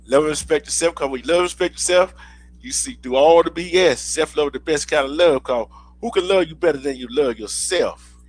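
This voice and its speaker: A man's voice: fairly high pitch, fairly quick, no room sound, rough recording. Preachy man hosting a livestream. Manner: preachy, repeats himself for emphasis. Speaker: show host. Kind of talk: casual livestream chat.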